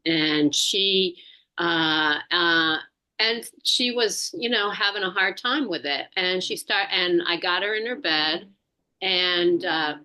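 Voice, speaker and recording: A middle-aged woman shares a personal story with a class. Her fairly low voice has a bright, tense edge, and she speaks haltingly with many fillers. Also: low-quality recording. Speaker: class participant.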